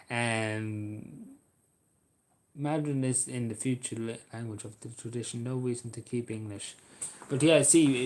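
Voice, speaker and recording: A young Irish man talking casually as he answers viewer questions, halting often with ums and repeating his phrases. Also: medium pitch, a little mellow. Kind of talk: casual Q&A monologue.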